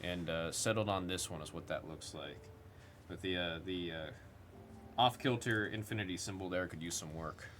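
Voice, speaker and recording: A man's voice: deep voice, moderate pace, a bit bright, a little hiss or hum. A man hosting a live card break, reading out player names with loose, rambling, joking commentary. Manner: reads out player names as he goes. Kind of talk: live commentary while opening cards.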